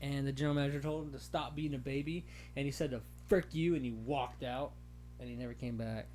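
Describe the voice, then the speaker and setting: A man's voice: medium pitch, level tone, quick pace, darkish tone, a little hiss or hum. A young man co-hosting a casual podcast, rambling through a work story and laughing often. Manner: rambling, laughs and jokes a lot. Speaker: podcast co-host. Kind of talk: casual chat.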